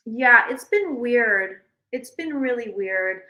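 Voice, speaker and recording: A woman hosting a casual livestream, telling a rambling, animated story full of restarts. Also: a little high, takes it slowly, few pauses, rough recording. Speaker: psychic livestream host. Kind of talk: casual chat.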